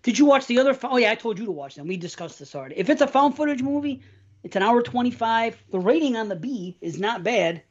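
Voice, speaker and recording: A man's voice: extremely high pitch, big pitch swings, quick pace. A middle-aged man co-hosting a podcast, telling rambling profane stories in casual chat. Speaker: podcast co-host. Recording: muffled lo-fi audio.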